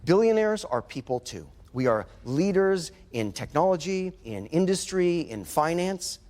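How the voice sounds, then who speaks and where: An actor playing an indignant, self-righteous tech billionaire making a speech. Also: male voice, on the high side, big pitch swings, measured pace, a little mellow.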